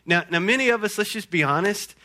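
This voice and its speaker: Preacher guy, pretty high voice, folksy, keeps repeating himself. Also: fast talker. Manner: folksy, energetic, repeats words often. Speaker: pastor. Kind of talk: sermon.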